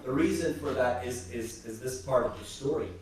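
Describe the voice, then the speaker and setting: A man teaching a church class and retelling saints' stories, halting and repeating words as he goes. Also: medium pitch, a crowd in the background. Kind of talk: storytelling religious class talk. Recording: very echoey church from a distance.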